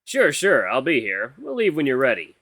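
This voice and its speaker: A man's voice: mid-range voice, wildly swooping pitch, moderate pace, fairly bright tone, dry recording, heavily acted. A man voicing a dutiful, stiffly formal young male knight who speaks politely.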